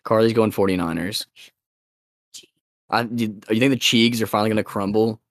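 A man's voice: fairly low pitch, steady tone, moderate pace, gravelly, no room sound, clean studio sound. A young man hosting a podcast in casual chat, rambling loosely, laughing often and swearing freely. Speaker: podcast host.

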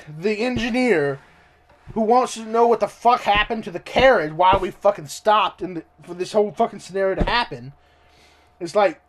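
High-voiced man ranting profanely. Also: normal speed. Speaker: story reader and commentator. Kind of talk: ranting read-along commentary.

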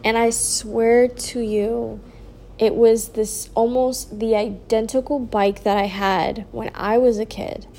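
Sleepy young woman vlogging a story, kinda high voice, talks real slow, lots of "like". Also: fairly even intonation. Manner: slow, drawn-out talk full of "like" and soft trailing asides. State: sleepy, yawning. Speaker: vlogger sharing a personal story. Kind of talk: casual storytelling.

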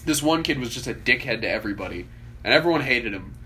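A man's voice: mid-range voice, lively intonation, fast talker, sharp tone, rough recording. A young man co-hosting a podcast, telling school stories in a casual, profane, laughing way. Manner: swearing, laughing storyteller. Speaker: podcast co-host. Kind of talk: casual storytelling chat.

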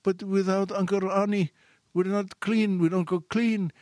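A man's voice: high voice, fairly even intonation, measured pace, darkish tone, dry recording, clean studio sound, pitched above the performer's own voice. A man voicing an eager, earnest male mall shopkeeper who speaks in short, broken phrases. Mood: pleading. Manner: broken clipped phrasing, pleading.

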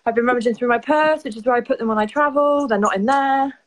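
Woman, live-stream guest, chatty, higher voice. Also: quick pace, slight background noise, rough recording. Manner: chatty, storytelling. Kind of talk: casual chat.

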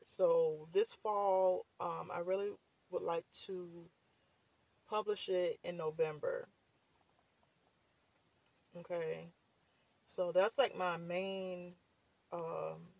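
A woman's voice: medium pitch, no room sound, highs cut off. A woman hosting a casual talk show. Her voice is scratchy, she sounds slightly out of breath, and she talks to listeners in a loose, chatty way full of fillers. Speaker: podcast host and author. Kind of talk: casual chat.

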